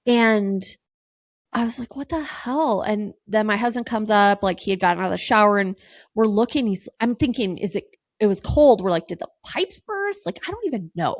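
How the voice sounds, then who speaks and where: A woman in her thirties hosts a podcast, telling a raw personal story full of fillers and casual swearing. Her voice is mid-range, and the recording is dry and studio quality.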